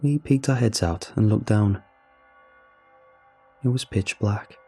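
A young man narrates a first-person horror story in a somber, confessional voice, low and measured. His tone is dark and husky, with faint music running underneath.

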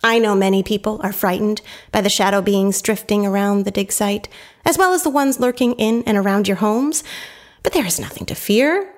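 A woman's voice: mid-range voice, normal speed, lightly acted. An actress playing a female town mayor who brushes off public fears in a casual, offhand way. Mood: dismissive. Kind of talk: scripted radio drama. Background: faint guitar music.

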